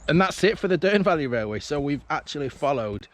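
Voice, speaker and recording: A man's voice: a little high, very animated, a little fast. A man vlogging while he walks an old railway line outdoors, chatting casually and thinking aloud with restarts. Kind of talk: casual walking commentary. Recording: faint outdoor background noise.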